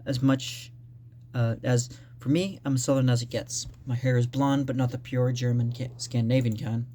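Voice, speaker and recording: A man's voice: mid-range voice, steady tone, moderate pace, mellow, slight background noise, natural voice. A man reading aloud from his own draft as an aloof, uneducated Southern man of about thirty, in a plain first-person voice. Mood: offhand.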